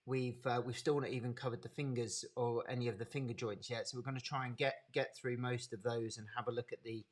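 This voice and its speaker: A man from the English Midlands, speaking with a Birmingham accent, gives a relaxed anatomy lecture on a live webinar and greets attendees by name. His voice is mid-range and steady, and his delivery is chatty and unhurried.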